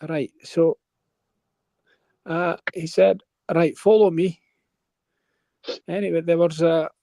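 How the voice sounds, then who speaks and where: Man, high voice, gravelly edge, rambling panel story, dry close sound. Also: dark tone, no room sound. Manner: rambling, keeps checking in with "right?". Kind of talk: casual storytelling on a live panel.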